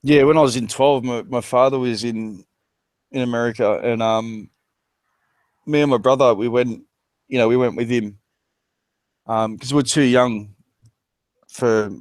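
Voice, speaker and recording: A man's voice: mid-range voice, dry recording. Laid-back Australian man telling a story. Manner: laughs while telling stories, animated when quoting others. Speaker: discussion participant. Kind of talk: casual storytelling chat.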